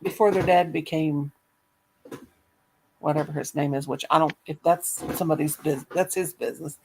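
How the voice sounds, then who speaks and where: A woman's voice: sits low, steady tone, moderate pace, vocal fry, a little mellow, slight background noise. A woman hosting a casual chat show, talking in a folksy way with endearments and homespun sayings. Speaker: show host.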